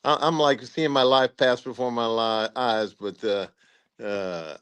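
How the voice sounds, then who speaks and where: Older male, retired officer, casual storyteller, middle pitch, filler-heavy, acts out the quotes. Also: steady tone, unhurried, a bit bright, smooth. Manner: rambling anecdotes with acted-out quotes and many "uh" fillers. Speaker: retired brigadier general telling war stories.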